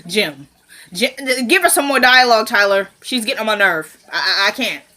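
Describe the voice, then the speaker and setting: A young woman recapping a TV episode in a casual, excitable vlog, full of slang and laughter. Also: medium pitch, fast talker.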